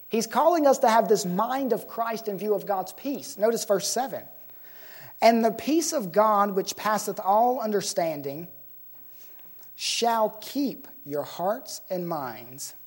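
A woman preaching to a congregation at a middle pitch. She puts questions to her listeners and stretches out the words she wants to land. Her delivery is emphatic and unhurried. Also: a little mellow. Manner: emphatic, slows to stress key words. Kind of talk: sermon.

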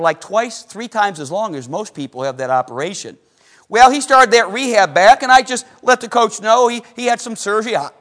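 A middle-aged man preaching a sermon as pastor, telling a personal story animatedly, swinging between loud excitement and hushed moments and asking the congregation questions. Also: high voice.

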